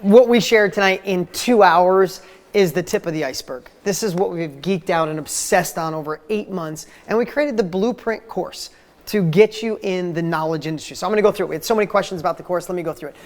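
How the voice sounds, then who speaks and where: A woman's voice: lowish voice, brisk. A woman hosting a webinar, upbeat as she walks the audience through a course and directs the slides. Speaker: webinar host.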